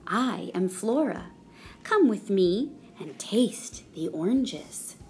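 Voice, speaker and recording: A woman voicing a graceful spring lady who invites guests in gently. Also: mid-range voice, sing-song, takes it slowly, slight background noise. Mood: welcoming.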